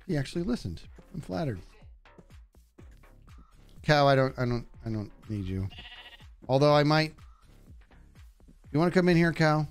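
Chatty, lively male game streamer. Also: on the high side, normal speed, long pauses, faint music behind. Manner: chatty, talks to animals and chat. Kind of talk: live gameplay commentary.

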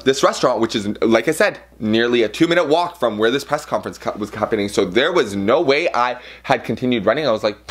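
A young man in his twenties tells a rambling, animated story straight to camera. He speaks quickly, at a medium pitch, and peppers his telling with slang and playful swearing. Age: 20s. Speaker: vlogger. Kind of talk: excited storytelling vlog.

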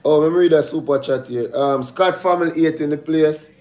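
A man's voice: fairly high pitch, a little fast, a little mellow. A young man with a Jamaican accent, chatting playfully on a livestream and teasing his wife. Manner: playful, teasing, reads viewer comments aloud. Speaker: vlog co-host. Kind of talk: casual livestream chat.

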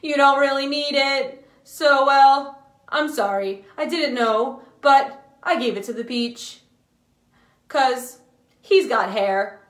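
A woman's voice: high-pitched, takes it slowly, fairly bright tone, roomy sound. A woman voicing a sheepish male tomato who hesitantly apologizes in a children's story.

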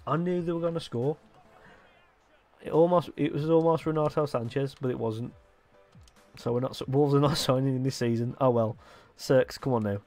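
Excitable lad commentating his game. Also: mid-range voice, a little fast, faint music behind. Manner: animated, swears, shouts at players. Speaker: gaming YouTuber.

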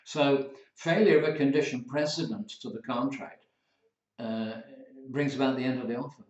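A man's voice: medium pitch, moderate pace. A man, teaching law as a tutor, telling playful stories and acting out examples. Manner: playful, animated storytelling with acted examples. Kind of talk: recorded lecture. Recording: roomy, dull lo-fi lecture recording.

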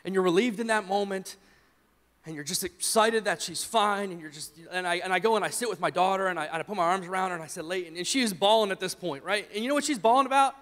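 Young man, pastor, high voice, animated storytelling sermon, church hall reverb. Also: fast talker. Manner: animated storytelling, acts out his own shouts. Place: church sanctuary.

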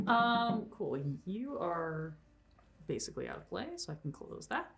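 A woman's voice: lowish voice, very animated, a little slow, vocal fry, fairly bright tone. A woman running a tabletop game as game master, narrating playfully and laughing often.

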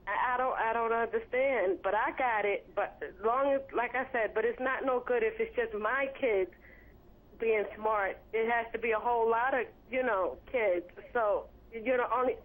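Rambling woman caller on a phone line. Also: on the high side. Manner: rambling, repeats herself with many fillers. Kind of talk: call-in radio talk.

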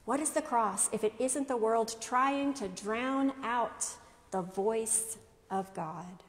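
Slow-preaching woman pastor, echoey church. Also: fairly high pitch. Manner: measured preaching with rhetorical questions. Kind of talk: sermon.

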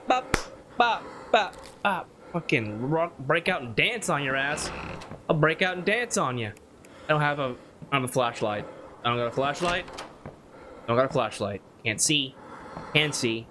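A man's voice: medium pitch, background noise. A man giving nervous commentary while playing a horror game, muttering repeated worries and breaking into sudden yelps. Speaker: gaming YouTuber.

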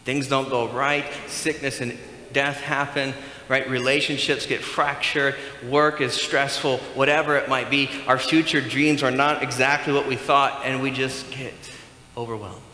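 A man's voice: medium pitch, fairly even intonation, unhurried, sharp tone, reverberant, long reverb tail, rough recording. A man preaching a sermon as pastor, talking conversationally and asking the congregation questions. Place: church sanctuary.

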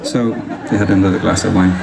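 An Irish man with a lowish voice tells a meandering, self-mocking story to a big outdoor concert audience. His voice comes through a stage PA and is heard from far off in an echoey space. Loud crowd noise and ambience sit underneath everything. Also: vocal fry. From Ireland. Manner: rambling, chuckling, self-deprecating chat to the crowd. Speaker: singer-songwriter performing live. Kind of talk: storytelling between songs at a concert. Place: large outdoor concert venue.

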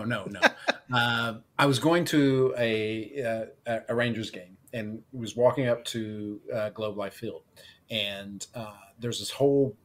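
A man hosting a tabletop game podcast, reading the intro and then telling stories in casual chat, laughing often. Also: lowish voice. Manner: chatty storyteller, laughs often. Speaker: podcast host.

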